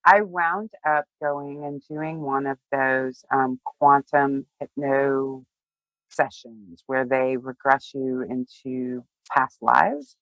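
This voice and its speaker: A woman guest on a podcast, sharing a personal story in a heartfelt, emotional way, often halting and restarting. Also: sits low, fairly bright tone, no echo, lo-fi sound. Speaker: tarot reader, guest.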